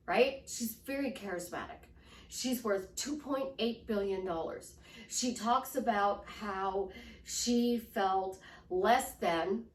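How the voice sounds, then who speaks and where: Heard from far off the mic, a woman with a highish voice coaches enthusiastically, letting her voice rise and fall to illustrate shifts in tone. This motivational teaching session sits in a roomy, echoing space.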